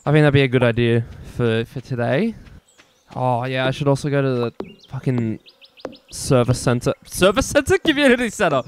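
A man's voice: medium pitch, fairly even intonation, moderate pace, darkish tone, slight background noise. Swearing, joking Australian gaming vlogger man. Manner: rambling, self-mocking, profane, jokey. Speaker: gaming YouTuber. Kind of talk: casual gameplay commentary.

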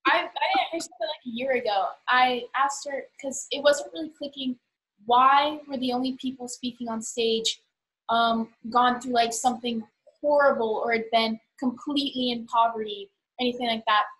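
A woman's voice: on the high side, moderate pace, a bit bright, low-quality recording. A teenage girl chatting casually on a podcast, hesitant, with many fillers. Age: teens. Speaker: guest's daughter. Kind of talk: casual chat.

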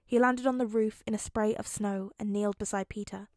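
A woman's voice: medium pitch, steady tone, fairly quick, a little mellow, no room sound, clean studio sound. Woman reading a fan fiction audiobook. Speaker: podfic reader.

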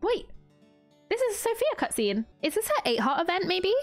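A woman streamer giving casual let's-play commentary, excitable and gushing as she gasps and laughs her way through the game. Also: very high-pitched, fairly quick, faint music behind. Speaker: gaming streamer.

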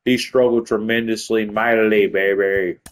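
A man's voice: fairly low pitch, fairly even intonation, normal speed. A tired man doing casual gameplay commentary as a YouTuber, rambling and profane, dropping into sleepy mumbles and then blurting outbursts. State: tired late at night. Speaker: gaming YouTuber.

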